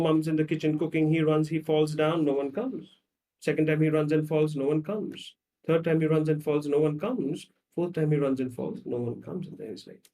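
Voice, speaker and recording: A man, a psychologist, explaining with animated storytelling and acting out the voices of people in his examples. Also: a little high, distant mic. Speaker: psychologist guest.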